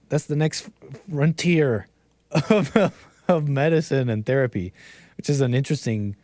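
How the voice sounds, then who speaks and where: A man's voice: on the high side, darkish tone, dry recording. A man hosting a livestream, ranting and joking in casual commentary, laughing often. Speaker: streamer host.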